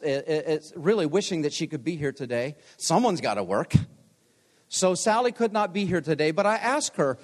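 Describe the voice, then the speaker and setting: A man in his sixties, a pastor giving a homecoming chapel sermon, telling stories with self-deprecating humor. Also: high voice. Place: large chapel. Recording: long hall reverb.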